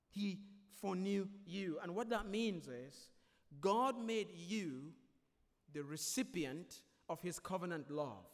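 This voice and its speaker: A man preaching a sermon as pastor, emphatic and repetitive, swinging between loud declarations and quieter explanation. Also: high-pitched. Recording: long hall reverb.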